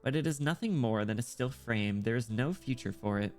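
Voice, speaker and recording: A man reading aloud the lines of a cold, matter-of-fact female priestess, flat and emotionless. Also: mid-range voice, brisk, faint music behind, close to an everyday voice. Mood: detached.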